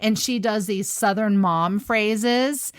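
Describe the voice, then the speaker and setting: A woman's voice: medium pitch, takes it slowly, clean tone, no room sound. A middle-aged woman co-hosts a podcast, recounting stories with eager, laughing energy. Her voice sits in a middle range and is picked up close and dry, with no room sound. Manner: enthusiastic, laughs while telling stories. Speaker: podcast co-host. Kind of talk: casual chat.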